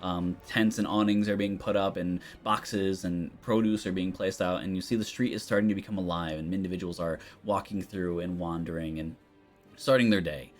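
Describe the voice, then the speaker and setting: A man narrating as game master of a tabletop game, loose and relaxed with frequent ums. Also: sits low, normal speed, faint music behind.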